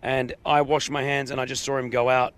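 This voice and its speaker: A man's voice: mid-range voice, level tone, brisk, fairly bright tone, smooth. A man hosting a breakfast radio show, telling brash stories and teasing his co-hosts. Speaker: radio host. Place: outdoor broadcast at a museum.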